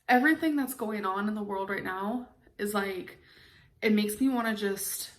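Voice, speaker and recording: A woman's voice: medium pitch, a bit bright. A woman in her twenties talking emotionally in a confessional vlog, rambling with fillers. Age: 20s. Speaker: vlogger.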